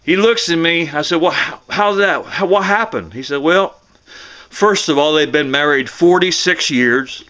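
An older man, a former police dispatcher, telling a story in a casual, animated way and acting out the voices of the people in it. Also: fairly high pitch, measured pace. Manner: animated, acts out voices in the tale, chuckles.

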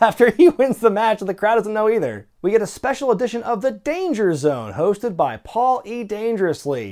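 A man hosting a wrestling review show, talking in a wry, excitable way and swearing freely. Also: a little high. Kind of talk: casual recorded review narration.

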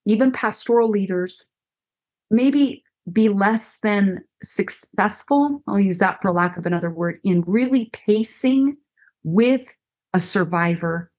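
A woman's voice: mid-range voice, a little mellow. A middle-aged woman counselor teaching conversationally as a podcast guest, acting out quoted dialogue in shifting voices.

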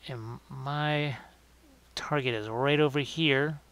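A man with a smooth, resonant voice talks viewers through a miniature painting session on a live stream. He sounds relaxed and thinks aloud as he works, restarting and correcting his phrasing as he goes. His pitch sits in an ordinary middle range. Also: takes it slowly.

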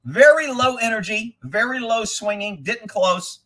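A man's voice: high-pitched, expressive, a little slow, fairly bright tone. A man who trains horses, giving blunt, rambling live commentary over riding footage and swearing freely.

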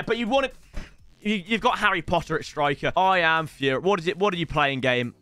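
A young man talking casually about a football video game, with a high, bright voice that leaps all over the place. He swears freely and breaks into sudden loud yells. The sound is dry and close, with faint music behind him. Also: animated, brisk, clear, resonant tone, no echo. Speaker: FIFA YouTuber rating viewer teams. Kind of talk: casual gaming commentary.

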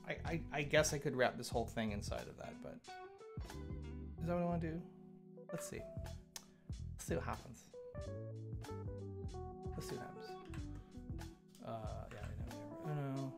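A man's voice: on the high side, very animated, normal speed, gravelly, long pauses. A man hosting a casual live coding stream, thinking aloud as he works and chatting with viewers as they arrive. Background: chill lo-fi music.

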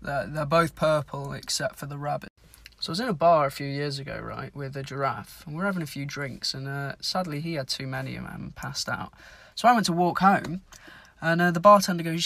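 A social media creator telling dry one-liner jokes in a quiet, deadpan way from inside a car. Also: medium pitch, a little fast, gravelly, no room sound. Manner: soft-spoken, dry delivery of one-liners.

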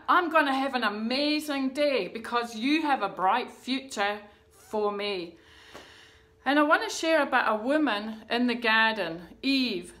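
A woman's voice: a little high, a bit bright. A woman pastor preaching a livestreamed sermon, earnest and rousing, asking the listeners questions. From New Zealand. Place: church livestream.

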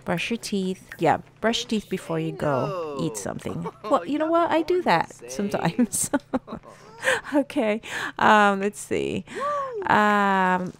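A woman's voice: medium pitch, sing-song, slow pace. A woman giving casual gameplay commentary, chatting to her game characters with plenty of fillers. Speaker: gameplay streamer.

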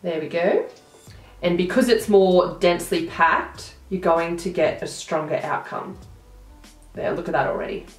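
A woman's voice: lowish voice, unhurried, reverberant, soft background music. A young woman with a blocked nose, chatting through a makeup tutorial as she applies each product. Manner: chatty, narrating each step as she works. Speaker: beauty vlogger.

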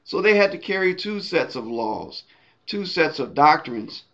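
Male preacher, slightly high voice, casual teaching sermon that checks in with listeners, muffled lo-fi church recording. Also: sing-song, unhurried, fairly bright tone. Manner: conversational, tags points with "right?".

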